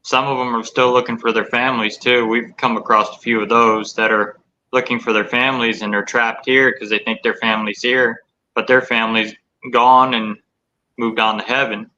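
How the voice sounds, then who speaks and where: A man's voice: mid-range voice, little pitch movement, normal speed, sharp tone, slight background noise. A man hosting a podcast, talking plainly and agreeably about his investigation work, on dull lo-fi audio. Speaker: podcast host. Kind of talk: casual interview chat.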